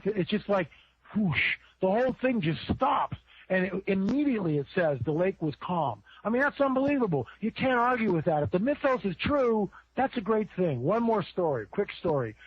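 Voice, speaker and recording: A man with a high voice preaches informally as a podcast guest, stacking repeated phrases as his emphasis climbs. The sound is dry and close. He comes through a thin, tinny phone line. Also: animated, normal speed, breathy edge, dry recording. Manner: repeats words, builds up with rising emphasis.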